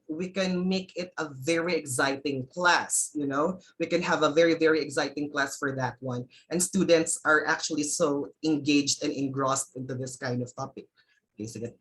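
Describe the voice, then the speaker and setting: A woman's voice: sits low, moderate pace, low-quality recording. A woman with a Filipino accent giving an online teaching demonstration over a video call. She switches between English and Tagalog and coaxes her listeners to join in. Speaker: teacher presenting at a webinar.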